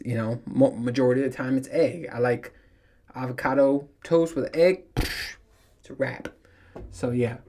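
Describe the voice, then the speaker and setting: Podcast host, male, loose and profane, rambles, laughs at himself, mid-range voice. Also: mid-range voice. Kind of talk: casual solo podcast rant.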